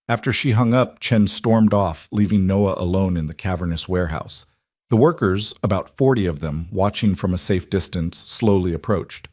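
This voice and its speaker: A man narrating a scripted drama story in an even, measured way. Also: low voice, dry recording, clean studio sound.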